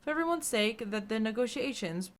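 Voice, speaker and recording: A woman's voice: a little high, lively intonation, brisk, a little hiss or hum, lightly acted. A woman voicing a fussy male accountant clerk in a fantasy game, formal and bureaucratic.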